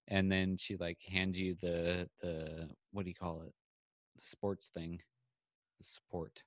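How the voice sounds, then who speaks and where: A man's voice: low voice, measured pace, dry recording. A man co-hosting a podcast, telling a story in casual chat and acting out both sides of the conversation. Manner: animated retelling with quoted back-and-forth. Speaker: podcast co-host. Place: home, on a video call.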